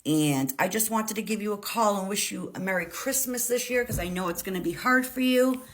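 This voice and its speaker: A woman voicing a kind, gentle female dog breeder on a phone call, raising her voice high and soft. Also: brisk, natural voice.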